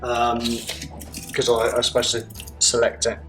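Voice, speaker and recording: A man playing as a guest in a tabletop wargame, explaining rules matter-of-factly with dry, deadpan quips. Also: medium pitch, measured pace, faint music behind. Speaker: guest player. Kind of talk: casual game commentary. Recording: roomy studio echo.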